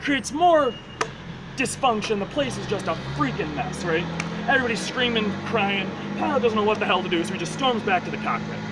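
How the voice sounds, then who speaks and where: A man telling a long joke casually, jumping into high character voices for the people in it. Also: heavy background noise. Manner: animated storyteller, jumps into high character voices. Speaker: joke teller.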